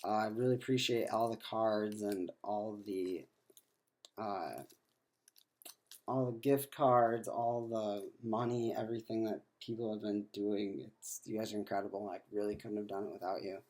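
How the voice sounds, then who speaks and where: A man's voice: lowish voice, steady tone, moderate pace, darkish tone. A man in his twenties talking in a rambling video diary, full of fillers and restarts, sounding worn out. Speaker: vlogger.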